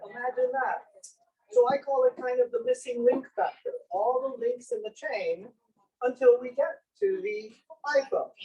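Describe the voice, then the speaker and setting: A man's voice: extremely high pitch, mellow, distant mic, low-quality recording. A man presenting a traveling museum of inventions to a live audience, talking in a playful, joking way and pulling in volunteers. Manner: playful, jokey, audience-engaging. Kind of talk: interactive demonstration talk. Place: senior center room, indoors.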